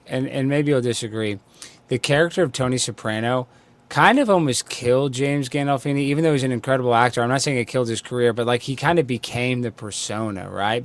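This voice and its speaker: A man hosting a casual interview, rambling and opinionated as he thinks aloud. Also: medium pitch. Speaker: host.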